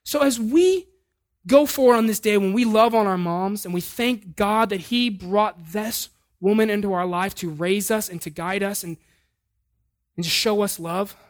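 A man delivering a sermon, talking casually to his congregation while building to emphatic points. His delivery is animated, with frequent rises in force. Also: high voice, normal speed. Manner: animated, emphatic, conversational preaching. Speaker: preacher.

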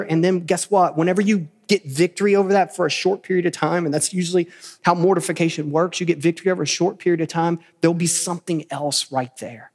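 A man preaching a sermon as pastor, earnest, repeating key phrases and rising to animated emphasis. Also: a little high, quick pace, in a large hall. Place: church sanctuary.

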